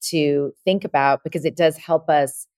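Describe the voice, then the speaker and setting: A woman podcast host who reflects aloud and builds on her guest's points in a relaxed interview. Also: deep voice, normal speed, no room sound, studio quality.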